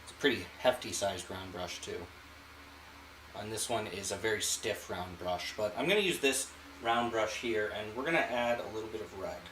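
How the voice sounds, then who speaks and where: Relaxed man talking through a painting. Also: lowish voice, normal speed, roomy sound, slight background noise, rough recording. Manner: relaxed, thinks aloud while painting. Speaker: art channel host. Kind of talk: painting demonstration. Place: home art studio.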